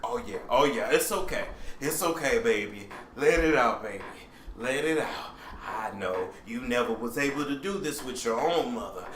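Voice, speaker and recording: A man voicing a soothing middle-aged woman counselor with a cooing, slow, comforting murmur. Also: mid-range voice, expressive, fairly bright tone, reverberant, slight background noise, voice pushed down, natural voice.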